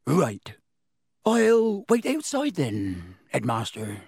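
A man voicing a huge, rough male groundskeeper in an audiobook, ranting loudly and urgently. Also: mid-range voice, huge pitch swings, slow, no echo, clean studio sound, exaggerated voice. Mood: deflated. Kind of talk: audiobook character voice.

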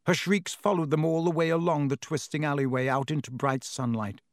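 A man reading an audiobook in a measured, expressive storytelling manner. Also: fairly high pitch, dry recording, clean studio sound. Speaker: narrator. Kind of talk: audiobook narration.

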